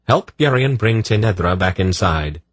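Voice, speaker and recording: A man's voice: fairly low pitch, animated, normal speed, no room sound, pitched above the performer's own voice. A man voicing a commanding older woman, stern and reproving.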